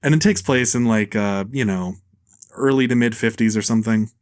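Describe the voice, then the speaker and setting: A man hosting a casual film podcast, talking bluntly, swearing freely and tossing in quick impressions of actors. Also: lowish voice, dry recording, clean studio sound. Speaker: podcast host. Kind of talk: casual film review chat.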